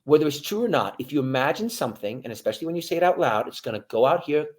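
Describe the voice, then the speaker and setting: A military veteran guest giving motivational interview talk, addressing listeners directly and swinging from hushed to loud. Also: male voice, on the high side, big pitch swings, rapid-fire.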